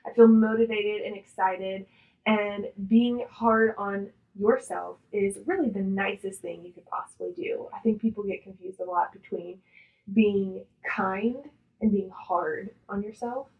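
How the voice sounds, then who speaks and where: An upbeat woman co-hosting a podcast, her voice sitting at an ordinary middle pitch. She talks in quick, energetic bursts, full of short fragments and little retold exchanges, in a casual motivational chat. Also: phone-quality sound. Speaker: podcast co-host.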